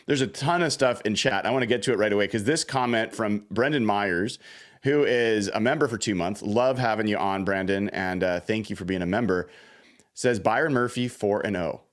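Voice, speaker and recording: A man hosting a sports postgame show, talking with big bursts of excitement and shouted cheers. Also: normal speed. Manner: animated, exclamatory, swings high when thrilled. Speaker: podcast host.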